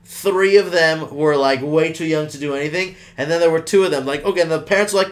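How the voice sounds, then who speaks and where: A man hosting a podcast, telling a family story in an animated, profane way and acting out the people in it. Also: a little high, fast talker. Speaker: podcast host. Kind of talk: casual storytelling chat.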